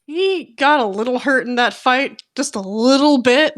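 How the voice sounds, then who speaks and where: A woman's voice: sits high, measured pace. Giggly woman player in a tabletop game. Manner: giggly, playful. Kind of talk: casual tabletop role-play. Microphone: online voice call.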